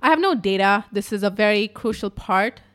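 A woman podcaster tells a personal story straight to her audience. Her delivery is raw and emotional, peppered with swearing and constant "like" fillers, at an ordinary middle pitch. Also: expressive, moderate pace. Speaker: podcaster and YouTuber.

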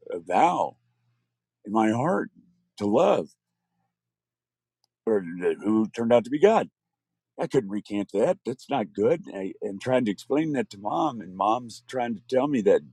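A man's voice: lowish voice, no echo. A man telling a personal story, acting out the voices of the people in it. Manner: animated, acts out quoted voices.

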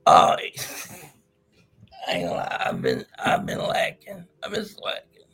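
High raspy gravelly guy, slow and mumbly, lots of uhs. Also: wildly swooping pitch, a bit bright. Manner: hesitant, mumbling, many fillers. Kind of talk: casual chat.

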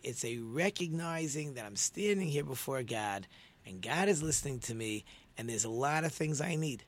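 A man's voice: medium pitch, a bit bright. Earnest middle-aged man teaching faith. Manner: earnest, repeats words and phrases for emphasis. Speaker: prayer leader and religious teacher. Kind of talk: informal religious teaching talk.

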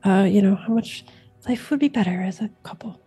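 A woman speaking casually at a tabletop game, halting and searching for words. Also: mid-range voice, dark tone, husky, soft background music. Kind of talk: casual chat.

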